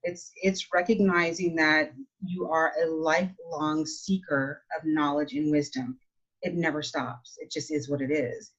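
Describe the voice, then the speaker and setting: Low, husky woman host, lo-fi. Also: steady tone, a little slow. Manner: enthusiastic, reflective. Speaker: interview host. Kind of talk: casual interview chat. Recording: dull, lo-fi sound.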